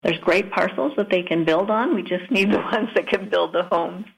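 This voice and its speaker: A woman's voice: on the low side, moderate pace, vocal fry, breathy edge, rough recording. A woman in her fifties from South Dakota, a guest speaking in a friendly, earnest way in a radio interview.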